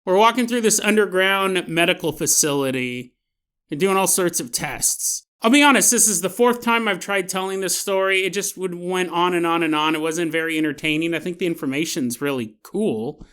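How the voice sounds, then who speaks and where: A man's voice: sits high, normal speed, a bit bright, clean tone. A man hosting a podcast, telling a comic story in a playful, giggly, jokey way. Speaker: podcast host.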